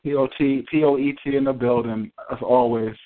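A man calling in as a poet, grateful and even-toned. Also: mid-range voice, fairly quick. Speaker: caller and poet. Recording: phone-line audio.

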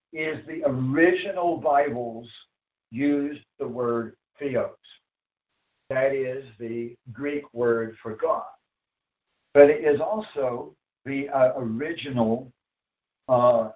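A man preaching a sermon as pastor, slow and emphatic, repeating phrases for weight. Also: medium pitch. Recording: echoey, dull sound from far off the mic.

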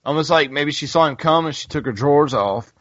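Rambly podcast guy, bright sharp voice, keeps restarting, dull lo-fi mic. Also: a little high, brisk, no room sound. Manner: rambling, lots of restarts and "you know". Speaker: podcast co-host. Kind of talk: casual chat.

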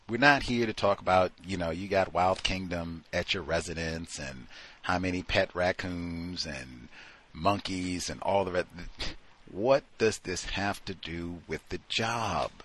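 A man's voice: low voice, fairly bright tone. A man hosting a talk show, giving emphatic, incredulous, conversational commentary on listener stories. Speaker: host.

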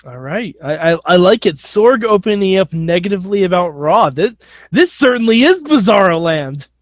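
Man, co-host, joking and crude, animated pitch. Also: moderate pace, dry recording, clean studio sound. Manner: joking, swears freely. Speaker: podcast co-host. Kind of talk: casual chat.

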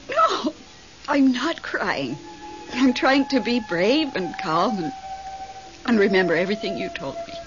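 An actress playing a grieving middle-aged widow who speaks to friends and her late husband. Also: on the high side. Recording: muffled old radio recording.

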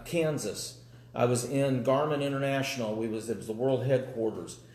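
A man's voice: a little high, a little mellow, roomy sound. A man preaching a live sermon in a folksy, conversational way, with dry humor.

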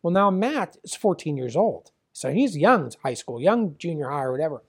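A man's voice: a little high, sing-song, moderate pace, vocal fry, husky. Chatty older man telling a long story. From Pittsburgh area. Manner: chatty, many fillers, acts out quoted dialogue. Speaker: guest, former wrestling promoter. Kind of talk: rambling storytelling.

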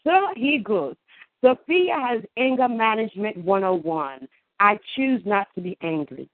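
A woman caller performing emphatic, playful spoken word on a call-in show, with deliberate delivery and wordplay. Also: medium pitch, lively intonation. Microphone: phone. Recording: tinny phone line.

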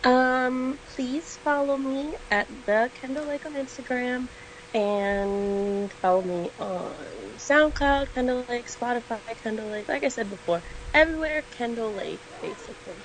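A woman's voice: a little high, measured pace, poor audio. A woman who is a singer guest on a podcast, bubbly and giggly. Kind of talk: casual interview chat. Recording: call audio with faint hiss.

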